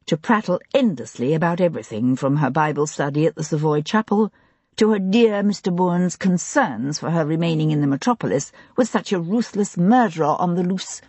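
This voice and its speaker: A woman reads an audiobook in a low, husky voice. Her pitch moves a great deal as she narrates in a measured, expressive way, and the sound is close and dry. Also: dry recording. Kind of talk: scripted narration of a historical mystery.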